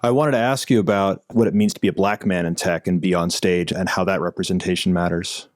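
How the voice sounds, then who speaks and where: A man hosting an interview, asking questions in a halting, conversational way. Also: low-pitched, steady tone, dry recording, studio quality. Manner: halting, restarts while quoting. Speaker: interviewer, host.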